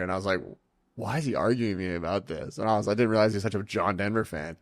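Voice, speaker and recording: A man hosting a podcast, telling a story in an animated, profane, casual way. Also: lowish voice, fast, no room sound, studio quality. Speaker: podcast host.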